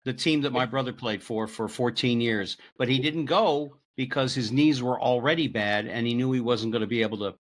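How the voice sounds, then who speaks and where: A man's voice: mid-range voice, a little fast, hardly any pauses. A man from Florida hosting a podcast, chatting casually and rambling through asides. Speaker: podcast host. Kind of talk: casual interview chat.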